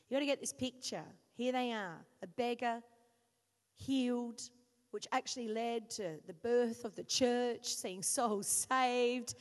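An Australian woman pastor preaches a sermon in a high voice, a little slowly, telling stories full of lively, self-mocking humor. A long church-hall reverb makes her words ring out.

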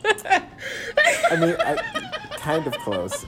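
A man's voice: very high-pitched, wildly swooping pitch, drawn-out words, over a noisy crowd. A man co-hosting a casual podcast, wry and joking with his friends. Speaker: podcast co-host. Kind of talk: casual chat.

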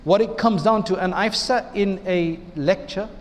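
In a large hall, an imam with a high-pitched voice gives an unhurried Islamic lecture. He keeps the tone conversational and often asks his listeners rhetorical questions.

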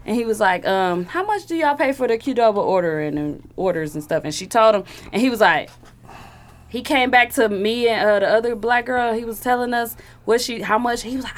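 A woman leads a loose group chat, telling her story with lively acted-out quotes. Her voice sits a little high for a woman. She talks in a relaxed, casual way. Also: a little fast. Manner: animated storyteller, acts out quotes. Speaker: host.

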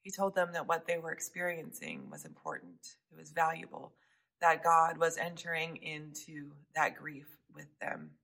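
A woman preaching a sermon with a lowish, bright and forceful voice. She speaks earnestly and often sinks to a soft hush to stress a point. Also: lively intonation, moderate pace, vocal fry, poor audio. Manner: earnest, dropping to soft hushed tones for emphasis.

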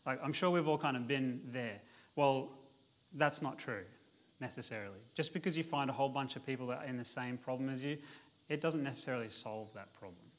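A man preaching an evening sermon in a relaxed, conversational way, reading scripture aloud. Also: mid-range voice, fairly quick.

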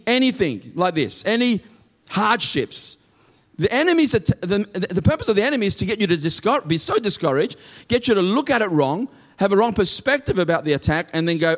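High-voiced guy preaching a sermon, earnest, keeps repeating himself, gets loud and urgent sometimes. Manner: earnest, repeats words, restarts phrases, reads verses slowly. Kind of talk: sermon teaching from scripture.

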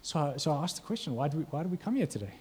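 Warm, husky-voiced male preacher. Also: fairly high pitch, very animated, racing. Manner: conversational, asks the congregation questions. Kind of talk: sermon.

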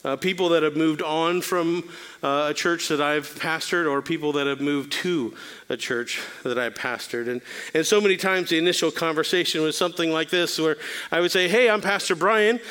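A man's voice: a little high, fairly even intonation, moderate pace, a bit bright, smooth. A middle-aged male pastor giving a sermon-style talk, telling candid, self-deprecating stories with the odd filler.

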